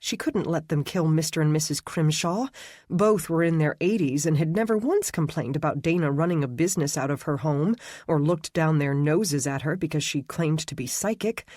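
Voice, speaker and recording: Audiobook narrator, man, steady telling, very dry close sound. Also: a little high, normal speed, dry recording. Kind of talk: scripted narration.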